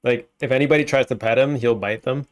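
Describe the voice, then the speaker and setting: A man's voice: medium pitch, steady tone, fast talker. A man streaming a game, casually thinking aloud and rambling between tasks. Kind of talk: casual gameplay commentary.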